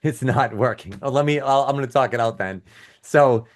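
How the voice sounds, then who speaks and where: A middle-aged business coach runs a live webinar over a video call, speaking at a normal speed in an ordinary middle pitch. His style is loose and conversational, full of restarts and asides, and he reads chat comments aloud to his audience.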